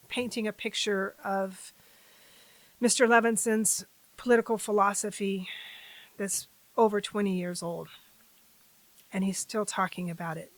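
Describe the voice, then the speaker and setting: A woman hosting a civics channel reads a formal testimony aloud at a deliberate pace, stopping for chatty asides to her viewers. Her voice is medium-pitched, with no echo but a rough recording.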